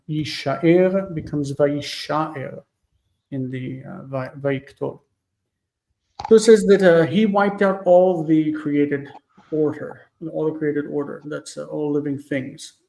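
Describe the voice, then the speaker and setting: A man teaching a casual live Bible Hebrew lesson, thinking aloud with many fillers and reading verses slowly before explaining them. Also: fairly high pitch, vocal fry, warm tone, low-quality recording.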